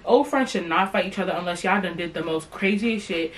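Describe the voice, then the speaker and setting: Profane animated young woman storyteller. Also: mid-range voice, brisk, poor audio. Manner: profane, animated, talks straight to viewers. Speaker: storytime vlogger. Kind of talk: casual storytime monologue.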